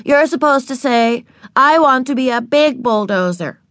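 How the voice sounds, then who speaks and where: A bossy, stubborn little girl with a high, bouncing storybook voice, as a woman narrator puts her on. She talks in a loud, insistent way, and the sound is close and dry with no room around it. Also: animated, measured pace, no echo. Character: pushy stubborn little girl, preschool age.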